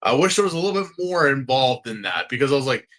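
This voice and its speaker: Casual podcast co-host, male, bright edgy tone, rambling and chatty. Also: medium pitch, expressive, quick pace. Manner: rambling, chatty, lots of fillers and restarts. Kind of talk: casual chat.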